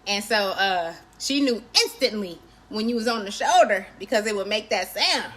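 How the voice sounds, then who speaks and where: A woman's voice: mid-range voice, animated, moderate pace, a bit bright. A woman, chatting casually on a livestream and greeting viewers by name. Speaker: livestream host.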